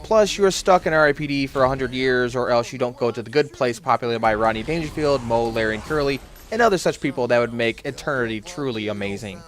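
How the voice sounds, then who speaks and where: A man's voice: mid-range voice, quick pace, few pauses. A man narrating a scripted film review in a wry, sarcastic way.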